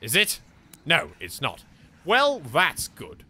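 A man's voice: a little high, huge pitch swings, slow, pushed and bright, slightly rough. An Englishman hosting a let's play, chatting casually and joking as he talks to objects in the game and swears now and then. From England. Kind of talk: casual gameplay commentary.

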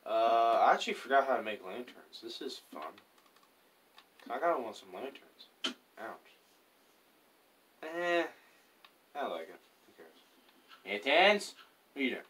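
A man's voice: medium pitch, very animated, a little slow, long pauses, fairly bright tone. Rambling gamer man, mic slightly distant. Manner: rambling, chatty, muttering to himself, hums while playing. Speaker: gaming YouTuber. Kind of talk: casual gameplay commentary.

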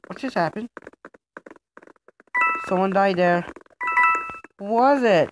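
A woman giving excited let's play commentary, full of exclamations and laughter, recorded on a phone. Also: slow pace, pauses often, over music. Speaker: gaming channel host. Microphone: phone microphone. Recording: noisy, low-quality phone recording.

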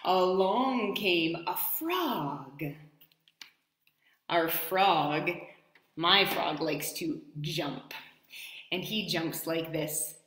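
A woman from New York State telling a counting rhyme story to children, gentle and playful, with a slow sing-song delivery. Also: fairly low pitch, lively intonation, a little hiss or hum. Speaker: storyteller and dance educator. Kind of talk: children's story time with movement. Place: home in Italy, echoey room. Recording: echoey room.

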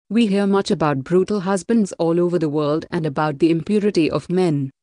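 A woman narrating an audiobook of a religious text in a measured, deliberate reading. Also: fairly low pitch, darkish tone, dry recording, studio quality.

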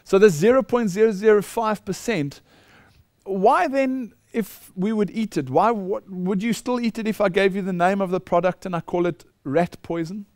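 A man's voice: high-pitched, moderate pace, a little mellow, no room sound, studio quality. A man preaching a lecture-style sermon, emphatic and indignant as he rebuts quoted claims. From South Africa.

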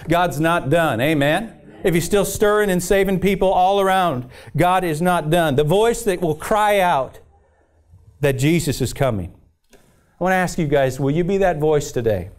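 High-pitched man preaching with fervor. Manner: impassioned preaching with repeated phrases and scripture readings. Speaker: pastor. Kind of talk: sermon.

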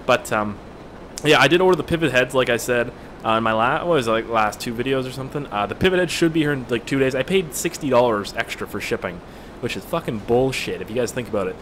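A young man talks casually over his gameplay, rambling and swearing freely, easily amused. His voice sits at a middle pitch and sounds a little tired. Faint game noise runs underneath. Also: animated, fast talker, fairly bright tone. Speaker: gaming video creator.

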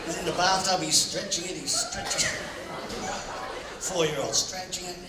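A middle-aged man from Australia doing a stand-up comedy routine, telling jokey stories and shouting his punchlines. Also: high voice, huge pitch swings, normal speed. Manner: loud, jokey storytelling with sudden shouted punchlines. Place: large venue with a live audience. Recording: echoey live room, mic far off, loud crowd noise.

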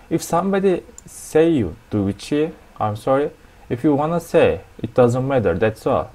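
Turkish-accented guy teaching at a whiteboard, talks real slow, says every new word twice. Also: mid-range voice, darkish tone. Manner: slow, deliberate, repeats each new word. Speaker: language teacher. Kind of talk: explaining a language lesson at a whiteboard.

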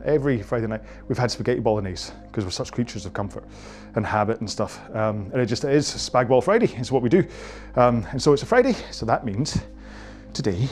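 A man's voice: medium pitch, darkish tone. Chatty Scottish man coaching stretches. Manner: chatty, joking and self-mocking. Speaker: indoor rowing coach. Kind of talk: guided stretching class, casual chat.

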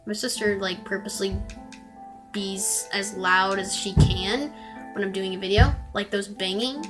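A woman giving rambling, chatty gameplay commentary that breaks into frustrated exclamations. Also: mid-range voice. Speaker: gaming video creator.

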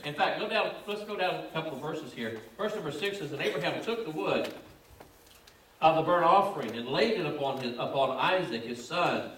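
A man's voice: on the high side, animated, moderate pace, fairly bright tone, slight background noise. A man preaching a sermon, reading scripture and building to emphatic, repetitive exhortation. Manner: emphatic, repetitive preaching cadence with rising fervor. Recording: echoey room, distant mic.

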